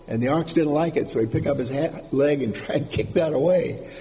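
Male preacher, fairly high, gravelly voice, informal sermon delivery with repeated words, echoing hall, faint noise. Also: fairly quick, dark tone. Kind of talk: conversational sermon.

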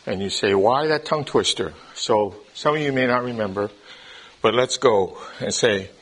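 Leading a Bible study like a classroom lecture, this man walks through ideas step by step, checks in with listeners regularly, and repeats words when starting a thought. He speaks at a moderate pace in a fairly bright voice that sits on the low side.

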